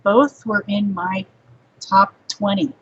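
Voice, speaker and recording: A woman chatting casually as a co-host on a live stream, easygoing and quick to laugh, heard through dull, lo-fi audio. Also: medium pitch, fairly even intonation, husky. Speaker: podcast co-host.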